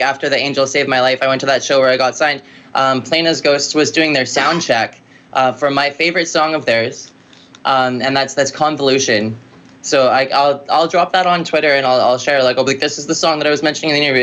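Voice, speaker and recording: Woman, musician guest, casual storytelling, rambling, chatty, lively. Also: very deep voice, fairly quick. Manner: rambling, lively, with many "like" fillers and laughs.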